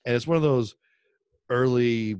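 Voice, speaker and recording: A man's voice: mid-range voice, unhurried, a little mellow, clear, resonant tone, no room sound. A middle-aged man co-hosting a podcast, telling rambling stories and laughing often. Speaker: podcast co-host. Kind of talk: casual chat.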